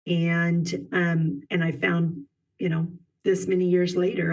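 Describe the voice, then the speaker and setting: A middle-aged woman telling a personal story as a podcast guest, halting, with many pauses and restarts. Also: fairly low pitch, darkish tone, distant mic, rough recording.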